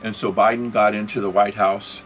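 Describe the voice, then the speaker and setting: A man talks off the cuff in his own video, rambling and steering everything through rhetorical questions. He stumbles over words and keeps correcting himself mid-sentence, with soft guitar music drifting underneath. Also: lowish voice, flat delivery, normal speed. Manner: many fillers and self-corrections. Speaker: video host. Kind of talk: unscripted political and religious monologue.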